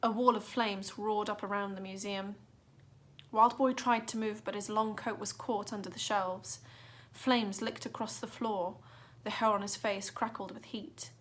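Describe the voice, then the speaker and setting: A woman's voice: medium pitch, fairly even intonation, unhurried, fairly bright tone. A woman reading a children's adventure book aloud with dramatic expression. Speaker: narrator. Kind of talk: storybook reading.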